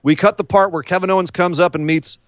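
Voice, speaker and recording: A man co-hosting a casual wrestling chat podcast, animated and joking. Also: sits high, quick pace, no room sound, dull audio. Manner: animated, mocks wrestlers in silly voices.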